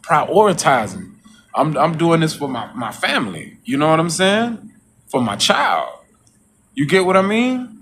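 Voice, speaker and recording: A man's voice: sing-song, unhurried, a bit bright, a little hiss or hum. A man talking, preaching and repeating his phrases as he goes. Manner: preachy, repeats "you know what I'm saying"; mocks coworkers in a high voice. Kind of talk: casual monologue vlog.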